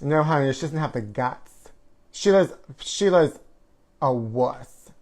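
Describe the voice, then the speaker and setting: Here the trash-talk show host sounds medium-pitched, animated and a little mellow, talking slowly. He rambles through a campy, gossipy live-stream monologue, theatrical and scattered across topics, without the microphone he forgot to put on.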